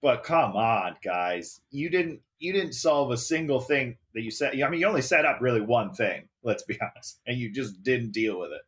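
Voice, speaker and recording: A man's voice: medium pitch, sing-song, moderate pace, few pauses, a bit bright, a little hiss or hum. A man co-hosting a comedy podcast, trading sarcastic quips about a bad movie. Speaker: co-host.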